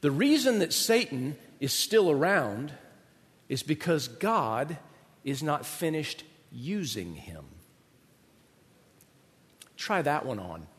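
A pastor preaching a sermon with an animated, dramatic delivery and joking asides. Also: male voice, fairly high pitch, slow, pauses often. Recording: long hall reverb.

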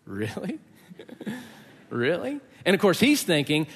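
A middle-aged man preaching a sermon, telling a story in lively fashion, acting out the voices and laughing along. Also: a little high, takes it slowly, gravelly, pauses often, husky, big-room sound. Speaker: pastor.

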